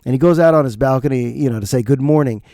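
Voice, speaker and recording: Brief: warm-toned middle-aged podcast host, animated comic riffing, quick laughs. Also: male voice, mid-range voice, no room sound, clean studio sound. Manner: animated, laughs often, mimics lines. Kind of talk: comedic podcast monologue. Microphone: studio podcast mic.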